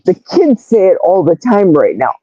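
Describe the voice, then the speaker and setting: A woman in her sixties hosts a casual livestream, rambling from story to story and reading viewers' chat comments aloud. Her lowish, dark-toned voice is very animated at a moderate pace, recorded dry and dull with no room sound.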